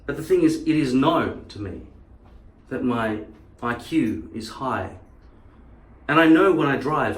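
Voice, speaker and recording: A man ranting in a casual monologue, a profane and heated storyteller. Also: medium pitch. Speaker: channel host. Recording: roomy, distant mic.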